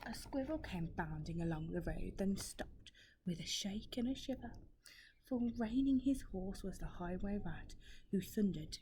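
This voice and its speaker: A young woman, a primary school teacher reading a picture book in a hushed, gentle whisper with asides to a listener. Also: medium pitch, expressive, a little slow, noisy background.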